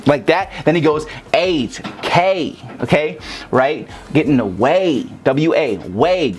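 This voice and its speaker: A man's voice: on the high side, sing-song, normal speed, a little hiss or hum. A young man giving a loose, casual rap lesson, cursing freely and breaking lyrics down vowel by vowel. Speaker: rap teacher. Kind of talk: casual tutorial talk.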